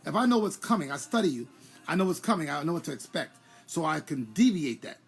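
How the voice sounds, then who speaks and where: A middle-aged man talks casually and at length on a live stream, as a former boxer would, greeting viewers by name along the way. His voice is gravelly and sits a little high for a man. Faint music plays behind him. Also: sing-song, fast. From New York.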